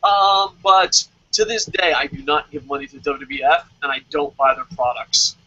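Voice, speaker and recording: Brief: bright, breathy male host, lively and profane, lo-fi audio. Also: on the high side, moderate pace. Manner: animated, swearing, jokey with sung sound effects. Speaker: podcast host. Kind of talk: casual chat. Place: lives in Japan.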